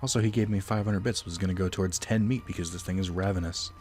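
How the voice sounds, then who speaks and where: A man's voice: low voice, fairly even intonation, quick pace, a little mellow, a little hiss or hum. A man doing casual let's play commentary, rambling with fillers and the odd swear. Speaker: let's player.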